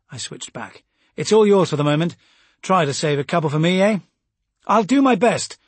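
A man giving steady, measured first-person audiobook narration. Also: mid-range voice, breathy edge, no echo.

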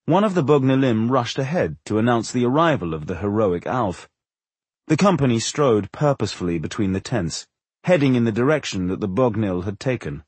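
A man reading a fantasy audiobook in expressive, measured storytelling on a close studio mic. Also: medium pitch, breathy edge, no room sound. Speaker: audiobook narrator. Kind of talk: scripted fantasy narration.

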